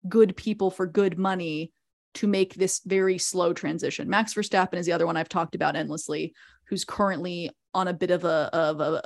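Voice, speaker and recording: A woman guest on a podcast, chatting casually and telling stories with quick asides. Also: fairly low pitch. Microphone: proper podcast microphone.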